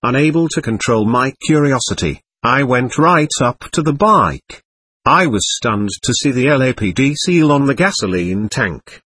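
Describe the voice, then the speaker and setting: A man's voice: medium pitch, lively intonation, normal speed, a bit bright, slightly rough. A man narrating a first-person story as an audiobook, with a wry storytelling delivery.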